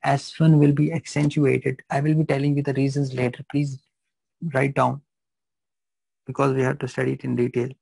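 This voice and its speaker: A man's voice: medium pitch, flat delivery, normal speed, creaky, a little mellow, breathy edge, dry recording, rough recording. A man teaching a live physiology class, repeating phrases and checking that students understand.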